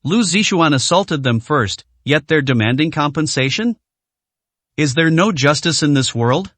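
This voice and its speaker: An indignant widowed mother arguing for her daughter , as a male storyteller puts her on. The reading is lively and slightly high, in a dry, close sound. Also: unhurried, dry recording. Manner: indignant, pleading for reason.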